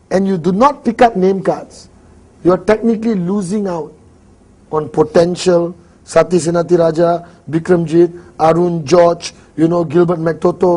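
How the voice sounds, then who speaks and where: Male seminar trainer, Malaysian English accent, animated, playful, raspy tone, highish pitch. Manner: animated, jokey, acts out little dialogues. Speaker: network marketing trainer. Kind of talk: live seminar talk.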